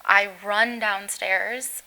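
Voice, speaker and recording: Bright-voiced mother recounting haltingly. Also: mid-range voice, fairly even intonation, vocal fry, poor audio. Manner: halting, voice breaking as she recounts. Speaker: guest, mother of injured teen. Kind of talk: emotional recounting in interview.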